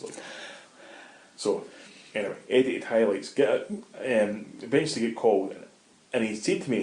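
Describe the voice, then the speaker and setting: A man's voice: medium pitch, animated, normal speed, darkish tone, a little hiss or hum. A middle-aged Scottish man telling a vivid, swear-laden story as an interview guest in casual talk. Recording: roomy echoey room.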